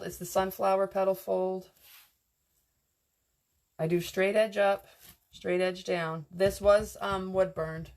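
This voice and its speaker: A woman giving a casual, rambling live craft lesson on wreath making, chatting with viewers and answering their comments as she works. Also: mid-range voice.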